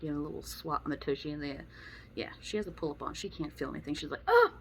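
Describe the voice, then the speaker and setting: A woman's voice: low voice, very fast, noisy background. A young woman giving blunt, opinionated advice about dogs and kids in a casual monologue. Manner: blunt, opinionated, acts out quoted voices. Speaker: dog trainer vlogger.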